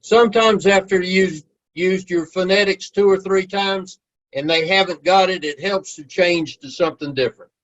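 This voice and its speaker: A man's voice: high-pitched, normal speed, a bit bright. A man in a class adding practical tips to the lesson. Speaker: class participant. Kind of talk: classroom comment. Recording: dull, muffled audio.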